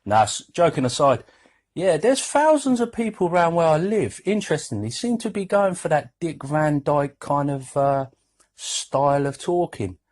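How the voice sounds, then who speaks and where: A British man in his forties hosts a gaming podcast, chatting in a jokey, rambling way. His voice is fairly high and sing-song with a darkish tone, delivered at a normal speed.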